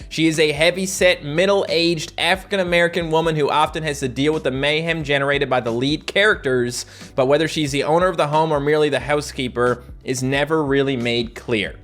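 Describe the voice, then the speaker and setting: A man's voice: a little high, fairly bright tone. A man giving sarcastic, mocking commentary on old cartoons. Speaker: YouTube commentator.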